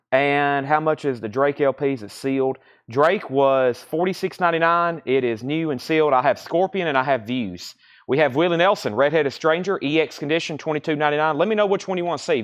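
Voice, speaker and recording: Guy hosting a live vinyl sale stream, rattles off titles and prices, repeats them, mid pitch. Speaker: record sale host. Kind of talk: live sales stream chat. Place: record shop during a live stream.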